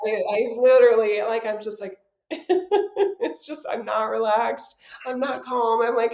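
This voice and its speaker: A woman co-hosting a podcast, telling a personal story in a casual, animated way, laughing often and acting out what people said. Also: on the high side, unhurried, vocal fry. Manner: animated, laughs often, acts out quoted dialogue. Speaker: podcast co-host. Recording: roomy echo.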